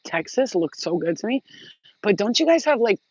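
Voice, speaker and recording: A woman's voice: mid-range voice, sing-song, normal speed, darkish tone, slightly rough, no room sound, muffled recording. A woman hosting her own channel, telling rambling, profane stories in a casual vlog. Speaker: channel host.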